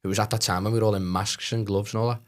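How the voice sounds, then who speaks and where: A man's voice: lowish voice, rapid-fire. A man with a Liverpool accent telling stories as a guest comedian on a podcast, swearing freely and acting out other people's voices. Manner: animated, swears, acts out voices in anecdotes. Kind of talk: casual storytelling chat.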